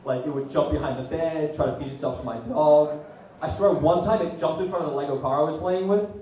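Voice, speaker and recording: A young man performs a stand-up set in a mellow, darker voice. He mixes dry, deadpan asides with loud punchlines. The sound comes from a distant mic in a very echoey room. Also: on the high side, a little fast, a little hiss or hum. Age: young adult. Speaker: student stand-up comic. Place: small comedy venue, audience laughing. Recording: very echoey room, heard from afar.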